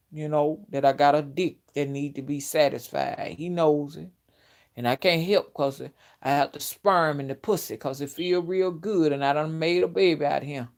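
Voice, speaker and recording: A shameless, lustful preacher who excuses himself in crude, graphic terms, as a woman puts him on. The voice sits a little low, and he takes no shame in it. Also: a little mellow.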